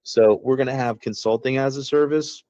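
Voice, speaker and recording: A man's voice: medium pitch, steady tone, normal speed, mellow, no room sound, muffled recording. A man giving a casual, rambling walkthrough of his app over a video call. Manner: rambling, folksy, self-interrupting. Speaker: app founder. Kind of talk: casual screen-share walkthrough.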